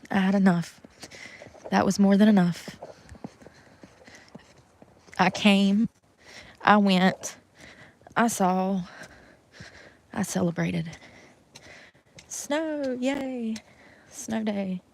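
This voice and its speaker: A woman's voice: medium pitch, extremely slow, creaky, pauses often, a little mellow, poor audio. A young woman chatting casually to viewers on a live stream from outdoors in the snow, swearing freely as she talks. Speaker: livestreamer.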